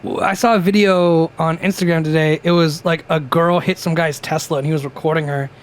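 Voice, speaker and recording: High-voiced young man telling stories. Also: a little fast. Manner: animated, profane storytelling with frequent laughs. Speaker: podcast co-host. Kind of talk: casual chat.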